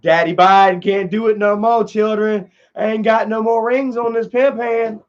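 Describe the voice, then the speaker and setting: A man's voice: sits high, fairly even intonation, moderate pace, muffled recording, natural voice. A man doing a swaggering older politician parody. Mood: mocking. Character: mocking older male politician, boastful pimp swagger.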